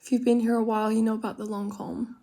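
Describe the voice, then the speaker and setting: A woman's voice: on the high side, flat delivery, fast, warm tone. An Australian woman chatting casually and rambling through a makeup tutorial, full of gossipy asides. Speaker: makeup vlogger.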